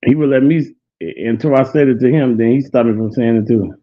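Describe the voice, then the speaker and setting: A man's voice: medium pitch, a little fast. Man rambling on a tinny phone-like line. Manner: rambling, repeats himself, laughs hard. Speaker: show host. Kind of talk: casual storytelling chat.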